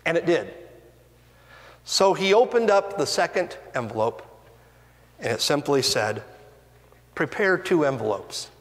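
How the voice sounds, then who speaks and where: A man pastor preaching a sermon in a church sanctuary, earnest and deliberate, with rising and falling emphasis. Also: fairly high pitch, big pitch swings, a bit bright. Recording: long reverb of a church hall.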